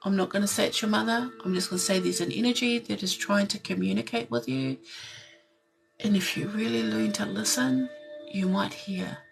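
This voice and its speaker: A woman giving a live tarot reading in a soft, gentle way, pausing often and sometimes tearful. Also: mid-range voice, expressive, creaky, over music. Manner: emotional, tearful at times. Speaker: tarot reader.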